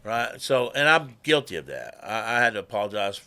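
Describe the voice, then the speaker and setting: A man, a musician guest telling stories in casual talk, animated and swearing freely. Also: on the low side, a little fast. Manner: animated, swears freely, acts out quoted people. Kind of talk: casual conversational storytelling.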